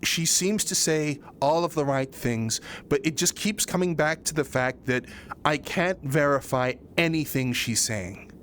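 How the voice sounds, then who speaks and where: A man in a casual chat who swears a lot and rambles with many restarts. His voice jumps higher when he gets exasperated. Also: measured pace, a bit bright, slight background noise. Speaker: roleplay streamer recapping his character's story.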